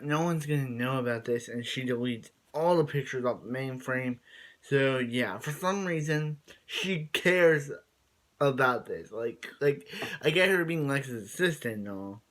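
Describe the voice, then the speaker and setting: A man talking casually to his viewers as he recaps a television episode. He rambles, backs up and repeats himself as he goes, at a middle pitch for a man. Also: fairly bright tone. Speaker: show reviewer.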